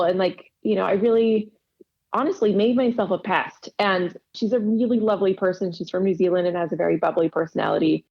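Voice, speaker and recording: A woman's voice: medium pitch, brisk. A woman casually telling stories in an interview, laughing often and acting out quoted dialogue. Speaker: podcast guest, quilter. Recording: dull lo-fi audio.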